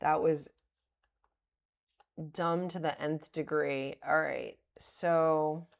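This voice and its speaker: A woman's voice: low-pitched, steady tone, extremely slow, creaky. A middle-aged woman livestreaming her day trades, thinking aloud and openly scolding herself over her mistakes. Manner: thinking aloud, self-critical, breaks into laughs. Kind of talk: live-streamed trading commentary.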